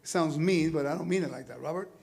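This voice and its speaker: A man teaching a congregation, lively and animated, often asking his listeners questions. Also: a little high, fast talker, gravelly. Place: congregation hall.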